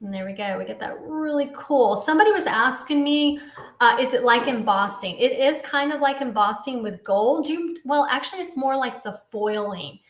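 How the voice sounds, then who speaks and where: A woman's voice: sits high, animated, normal speed, echoey room. A woman in her fifties casually demonstrating a papercraft project, explaining each step as she works. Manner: chatty, explains step by step while working. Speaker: papercraft instructor.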